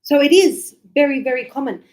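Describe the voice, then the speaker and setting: A middle-aged woman teaching English, explaining lively and acting out little dialogues. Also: high voice, a little fast. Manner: animated, acts out little dialogues.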